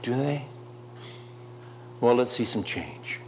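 A man preaching a sermon, firing off rhetorical questions and swinging between loud urgency and quiet asides. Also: medium pitch, expressive, slow pace, a little hiss or hum. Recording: long hall reverb.

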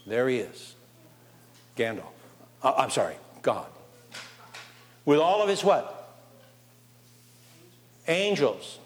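A man preaching a sermon, reading scripture and putting lively questions to his congregation. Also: mid-range voice, slow pace, pauses often. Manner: animated, asks the congregation questions. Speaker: pastor. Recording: long reverb of a large hall.

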